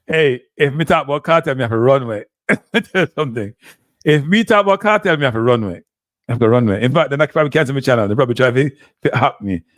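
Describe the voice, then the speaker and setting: Animated Jamaican man slipping into patois. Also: mid-range voice, fast talker, no room sound, studio quality. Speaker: live show host. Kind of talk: casual live-stream talk.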